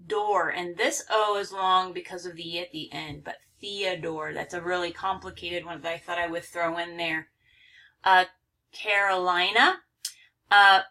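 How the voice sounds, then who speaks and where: A woman's voice: mid-range voice, pushed and bright. A woman teaching a recorded phonics lesson, carefully overpronouncing example words.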